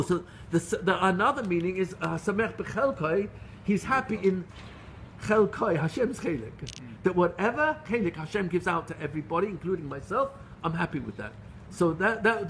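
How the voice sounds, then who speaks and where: A middle-aged rabbi giving a Torah lecture, telling stories in an earnest, animated way with frequent restarts. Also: male voice, high voice, slight background noise. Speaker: rabbi teaching a class.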